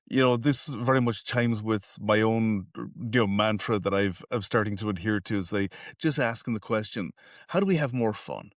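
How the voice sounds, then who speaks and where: A man's voice: on the low side, normal speed, dry recording, studio quality. A man hosting a podcast interview, talking in a reflective, rambling way. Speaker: podcast host. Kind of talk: casual interview.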